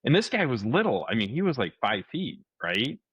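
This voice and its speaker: A man's voice: mid-range voice, very animated, normal speed, a bit bright, breathy edge, no room sound, dull audio. A man co-hosting a podcast, telling a story casually and acting out the quotes, with many restarts. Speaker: podcast co-host.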